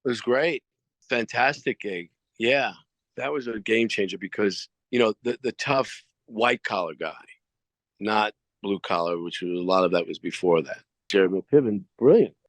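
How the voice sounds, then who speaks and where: Man telling showbiz stories, low voice. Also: moderate pace, no room sound. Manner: animated anecdotes with acted-out quotes. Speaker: actor interviewee. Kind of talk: casual interview storytelling. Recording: dry, slightly dull sound.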